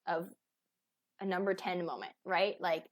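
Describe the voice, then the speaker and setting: A woman's voice: on the low side, fairly even intonation, a little slow. A woman in her thirties, a weight loss coach, giving a casual motivational talk full of fillers and restarts. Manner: chatty, with many fillers and restarts.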